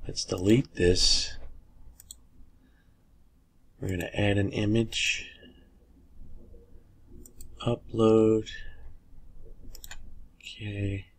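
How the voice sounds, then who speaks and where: A man hosting a casual screen-recorded software tutorial, folksy and chatty with lots of "okay"s. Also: fairly low pitch, level tone, extremely slow, long pauses. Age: older. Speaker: tutorial host.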